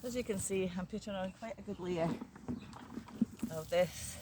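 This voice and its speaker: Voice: mid-range voice, normal speed, very noisy. An older vlogger chatting casually in a matter-of-fact way while working outdoors in a garden. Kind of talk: casual chat.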